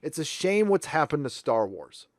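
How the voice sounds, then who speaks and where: Guy hosting a live stream, reads donos out, swears a lot, kinda high voice that jumps around, dry close sound. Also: big pitch swings, normal speed, dry recording. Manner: blunt and profane, sarcastic asides. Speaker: livestream host. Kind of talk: casual livestream chat reading viewer donations.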